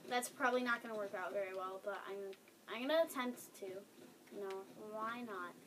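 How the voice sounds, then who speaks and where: A woman chatting casually while playing a video game with a friend, excitable and quick to exclaim. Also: medium pitch, far from the mic, noisy background. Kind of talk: casual let's-play chat.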